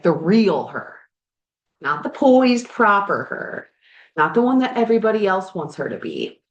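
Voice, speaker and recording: A woman life coach and podcast host talking frankly and animatedly, now and then swearing, while working on projects in her garage. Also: mid-range voice. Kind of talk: candid motivational chat. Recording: roomy echo.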